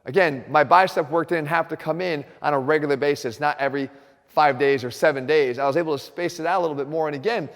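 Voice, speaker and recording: Brief: direct, energetic male coach, slightly high voice, long echo from the gym. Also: fast talker. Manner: direct, energetic, talks straight to viewers. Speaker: fitness coach host. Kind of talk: instructional fitness video. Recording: reverberant gym room.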